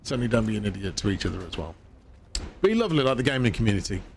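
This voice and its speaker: A man's voice: on the low side, big pitch swings, racing, vocal fry, a little hiss or hum. A man streaming a video game live, chatting casually in a rambling way and laughing at himself. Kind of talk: casual live-stream chat while gaming.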